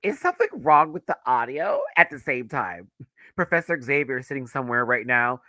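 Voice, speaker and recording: A man chatting through a live review in a campy, animated way, laughing often. His voice leaps high and dips low, bright and forceful in tone, and it sounds dry and close to the mic. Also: fairly quick, dry recording. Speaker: YouTube reviewer.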